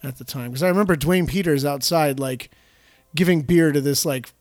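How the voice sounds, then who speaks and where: A man's voice: fairly high pitch, moderate pace, no room sound, studio quality. A man in his forties telling rambling stories in a casual podcast chat, heavy on fillers. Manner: rambling, lots of fillers, animated when quoting. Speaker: podcast co-host.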